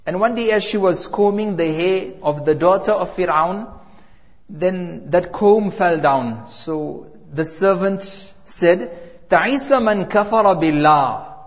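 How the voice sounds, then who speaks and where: A man's voice: sits high, slow pace. A man delivering a sermon as a story, emphatic, drawing out key words. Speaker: preacher. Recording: reverberant hall, dull lo-fi sound.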